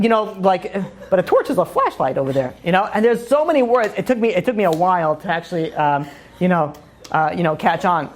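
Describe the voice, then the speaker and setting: Rambling, joking New rabbi. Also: male voice, high-pitched, lively intonation. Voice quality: rambling, full of "you know" and "like" fillers. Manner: wry self-mocking humor with quick asides. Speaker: rabbi teaching a class. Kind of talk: casual joking lecture.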